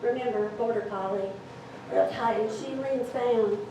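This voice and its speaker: A woman telling a story live on stage, with an animated, dramatic delivery. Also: a little high, measured pace. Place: event hall with audience. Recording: echoey hall, distant mic, noisy.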